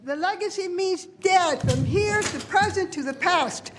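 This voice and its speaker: Very high-voiced woman, rambling and accusatory. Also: lively intonation, measured pace, noisy background. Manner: rambling, accusatory, repeats herself. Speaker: public commenter. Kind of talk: public comment at a meeting. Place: county board chamber. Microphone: off to the side of a podium mic.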